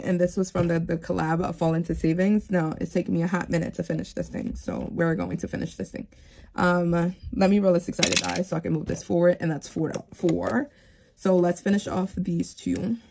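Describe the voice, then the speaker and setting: A woman vlogger chatting casually as she plays a savings game, counting aloud with bursts of excitement. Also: lowish voice, gravelly, a little hiss or hum. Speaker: budgeting vlogger. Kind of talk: casual chat while playing a savings game.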